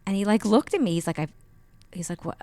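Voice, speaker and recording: A woman guest on a podcast, telling a personal story with lively expression and acting out the dialogue. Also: medium pitch, fast talker, no echo. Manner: expressive, acts out quoted dialogue. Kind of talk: animated storytelling in an interview. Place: radio studio. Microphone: studio microphone.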